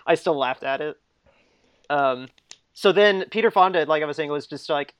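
A man's voice: on the high side, moderate pace, clean tone, no room sound. A man co-hosting a casual film discussion, chatty, laughing often and restarting his sentences. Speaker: podcast co-host.

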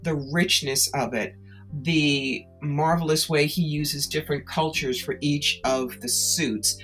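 An author who does psychic and tarot readings speaks in an interview, telling her stories with lively, persuasive energy. Her voice is very low for a woman, and she presses firmly on key words. Gentle, unhurried music plays in the background.

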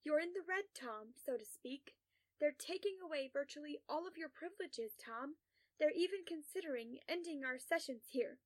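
Woman, high voice, first-person story reading, measured, condescending. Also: animated. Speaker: narrator.

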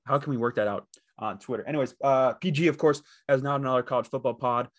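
A man's voice: mid-range voice, fairly even intonation, fast. A man from the Dakotas hosting a sports betting podcast alone, talking casually and rambling with lots of fillers and restarts. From Midwest, the Dakotas. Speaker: podcast host.

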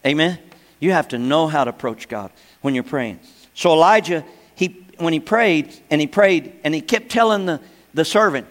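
A man's voice: a little high, lively intonation, moderate pace, fairly bright tone. An older man preaching a sermon, emphatic and repeating phrases, often asking the congregation for an amen. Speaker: pastor. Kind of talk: sermon teaching. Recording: long hall reverb.

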